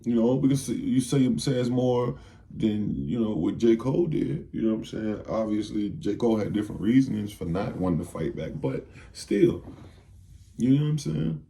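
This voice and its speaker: A man's voice: medium pitch, moderate pace, creaky, dark tone. A man giving a heated, profane commentary rant, firing off rhetorical questions. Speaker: video commentator.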